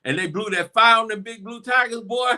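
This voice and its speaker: A man's voice: very high-pitched, a little fast. A man co-hosting a casual sports chat, telling game stories with hype and laughter. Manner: animated, laughing, hyped storytelling. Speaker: co-host.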